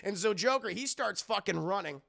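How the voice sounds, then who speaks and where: A man's voice: high voice, lively intonation, moderate pace, creaky, sharp tone. A man recapping a cartoon episode for a live-stream chat in a rambling, profane, casual way, often addressing the chat. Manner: rambling, cursing, talks to chat.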